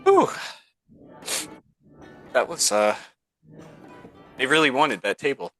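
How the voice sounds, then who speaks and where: A man's voice: mid-range voice, huge pitch swings, slow, a bit bright, soft background music, low-quality recording. A man playing in a tabletop game who stammers and sounds flustered as he talks. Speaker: player. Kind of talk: tabletop role-play.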